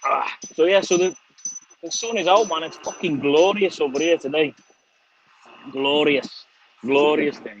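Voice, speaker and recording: A man's voice: fairly high pitch, unhurried, long pauses. A middle-aged man with a Scouse accent chatting casually on an outdoor livestream, swearing freely and thanking viewers by name. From England. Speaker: vlogger. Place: outdoors on a windy sunny day. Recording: slightly dull lo-fi stream audio.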